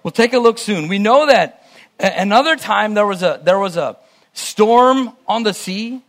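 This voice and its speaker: A man's voice: high-pitched, animated, measured pace, a bit bright. A male preacher reading scripture aloud and musing on it with frequent restarts, in a sermon. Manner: reads scripture aloud, then muses in restarts. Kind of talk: sermon Bible teaching.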